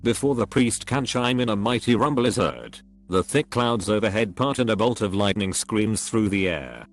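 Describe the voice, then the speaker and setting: A man with a fairly low voice narrates a string of jokes in a scripted read. His pitch swings up and down, lively rather than flat. Soft music sits faintly under him. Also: moderate pace. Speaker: narrator of a reddit joke compilation.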